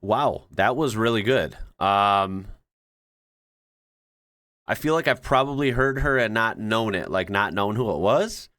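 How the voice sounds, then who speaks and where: A man's voice: fairly low pitch, measured pace, fairly bright tone, no echo, clean studio sound. An American man hosting his channel, chatting casually as he reacts to things he reads, rambling and often correcting himself. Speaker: channel host.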